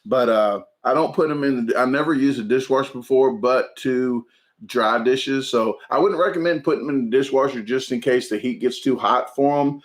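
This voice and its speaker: A man in his forties hosts a casual home livestream and answers viewer comments. His voice sits at a middle pitch, and he talks haltingly, filling pauses with ums and uhs and restarting his sentences often. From United States. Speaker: food channel livestream host.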